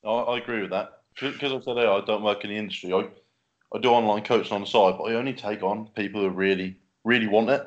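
Fast-talking, low-voiced man. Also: fairly even intonation, dull audio. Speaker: part-time online coach. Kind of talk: casual podcast chat.

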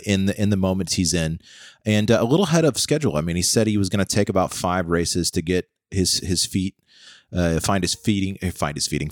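A man's voice: low voice, no echo, clean studio sound. An American man in his thirties co-hosting a podcast, joking and rambling with lots of fillers. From United States. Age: 30s. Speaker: podcast co-host. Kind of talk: casual chat.

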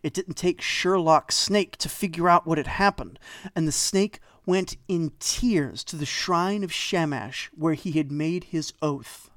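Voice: medium pitch, a little slow, fairly bright tone, no room sound. A storyteller retelling an old myth with wry asides and dry humor.

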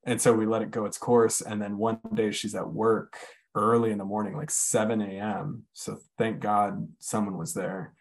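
A man in casual conversation, telling a personal story candidly, swearing freely with lots of filler words and slowing down on heavy moments. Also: fairly low pitch, little pitch movement, creaky.

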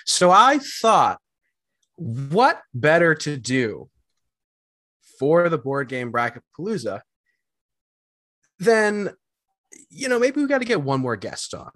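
A man co-hosting a podcast talks animatedly as he builds up a surprise. His pitch moves in a lively way, and the sound is dry and close. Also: slow, long pauses, dry recording. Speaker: podcast co-host. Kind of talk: casual chat.

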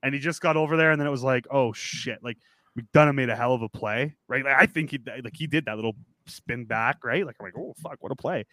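A man's voice: mid-range voice, fast, a bit bright, no room sound. Laid-back man in a dry room. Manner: laid-back, swears, laughs along. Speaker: podcast co-host. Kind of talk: casual sports chat.

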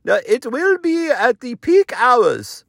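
A man voicing a young male online promoter who talks in a polite, salesy, high-pitched way. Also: big pitch swings, slow, vocal fry, a bit bright, dry recording, studio quality, heavily acted.

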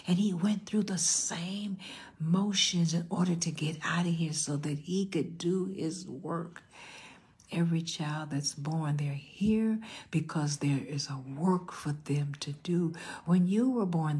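An older woman pastor preaching an animated storytelling sermon in a church, acting out the people in her story. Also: lowish voice. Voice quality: very husky, breathy.

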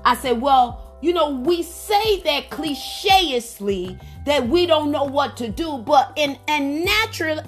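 A woman's voice: sits high, lively intonation, takes it slowly, hardly any pauses, faint music behind. A woman minister preaching fervently on a prayer line, exclaiming often and repeating phrases for emphasis. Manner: calls on listeners by name for responses. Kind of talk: preaching sermon.

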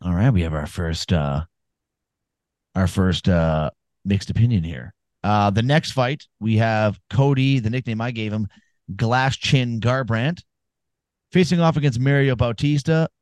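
A man's voice: lowish voice, unhurried, darkish tone, dry recording. A man co-hosting a casual sports podcast, telling rambling, profane stories and giving fight picks. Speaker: podcast co-host.

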